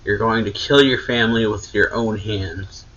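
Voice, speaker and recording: A man's voice: lowish voice, fairly even intonation, moderate pace, fairly bright tone. A man voicing a taunting male demon tormentor in a mocking, gloating way, on dull lo-fi audio.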